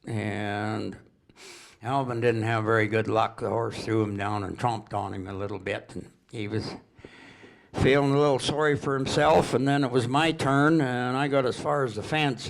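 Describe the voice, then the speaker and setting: An older man from Alberta telling rambling, folksy stories at a public presentation, unhurried and chuckling. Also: fairly low pitch, steady tone, gravelly. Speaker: local storyteller.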